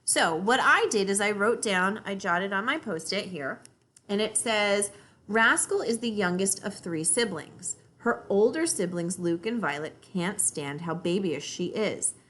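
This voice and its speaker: A woman teacher reading a children's book aloud and guiding a reading lesson in an expressive voice. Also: mid-range voice, unhurried.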